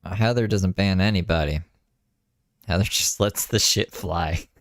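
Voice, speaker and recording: Tired male streamer, deep gravelly, wry casual commentary, dry close sound. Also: a little slow, dry recording. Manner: laid-back, swearing, wry.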